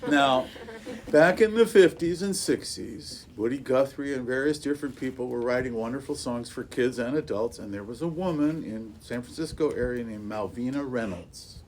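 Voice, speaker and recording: A man's voice: mid-range voice, animated, moderate pace, a little hiss or hum. A man leading a music workshop for teachers, chatting casually and breaking into playful sung rhymes for a group in a classroom.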